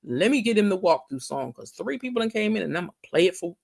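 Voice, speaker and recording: A woman's voice: lowish voice, very animated, fast, creaky, darkish tone. Chatty woman livestream host with a drawl. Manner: chatty, greets viewers by name, drawls words out. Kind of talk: casual livestream chat.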